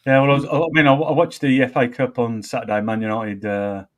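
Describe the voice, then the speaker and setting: A man's voice: medium pitch, little pitch movement, fairly quick. A middle-aged man hosting a casual chat, easygoing and hesitant, with frequent uhs. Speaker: host.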